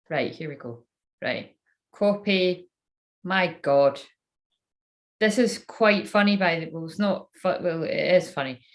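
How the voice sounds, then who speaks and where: Taking it slowly with long pauses, a woman with a fairly low voice gives a casual tarot reading on her live stream. She's quick to mock herself and swear freely, and she mutters to herself while fiddling with her phone.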